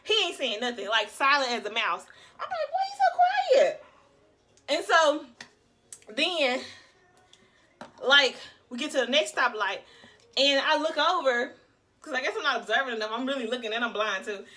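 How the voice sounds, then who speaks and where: High bright girl vlogging a story time, chatty and animated, talks to y'all. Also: normal speed, pauses often. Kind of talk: casual storytelling to camera.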